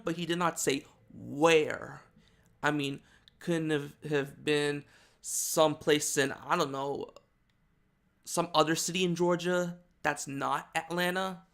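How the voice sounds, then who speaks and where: A man's voice: a little high, vocal fry, a bit bright. A man giving casual, rambling video commentary with many fillers and restarts. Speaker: YouTube commentator.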